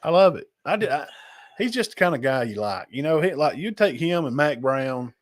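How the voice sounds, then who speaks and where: A man's voice: on the high side, lively intonation, fairly quick. A man with a Southern accent and a nasal, sinus-blocked voice, hosting a casual sports talk show in a chatty, folksy way. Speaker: host.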